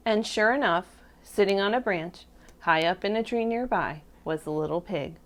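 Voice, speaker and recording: A woman preschool teacher reading a picture book aloud to young children, doing expressive voices for the animals, then leading a drawing activity. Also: mid-range voice, normal speed. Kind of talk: children's storybook read-aloud.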